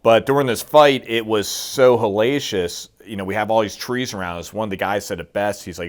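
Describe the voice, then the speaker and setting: A middle-aged man with a somewhat low voice tells a war story in a casual interview. He acts out the quotes of the people in his story and swears freely along the way. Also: fairly even intonation, fairly quick. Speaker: guest, military veteran.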